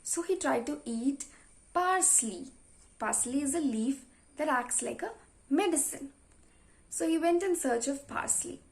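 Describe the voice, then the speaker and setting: A woman teacher slowly and patiently explaining a story to young children, asking them questions. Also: high voice, expressive. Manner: slow, patient, asks the class questions.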